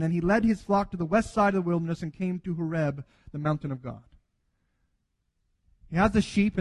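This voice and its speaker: A man's voice: sits high, big-room sound. A man preaching a sermon earnestly, acting out quoted dialogue as he goes. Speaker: pastor.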